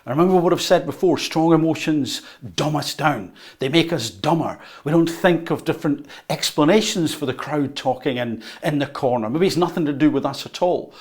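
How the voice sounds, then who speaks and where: A man's voice: fairly high pitch, normal speed, few pauses. A man teaching a lesson at a whiteboard, unscripted, with fillers and repeats, often acting out the voices in people's heads. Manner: animated, acts out inner voices. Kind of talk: whiteboard lecture.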